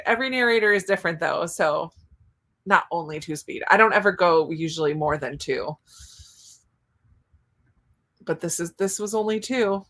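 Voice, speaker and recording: A woman's voice: fairly low pitch, brisk, fairly bright tone. A woman with a Southern US accent hosting a casual livestream, chatty and giggly, with frequent exclamations as she reads out viewer comments. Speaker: livestream host.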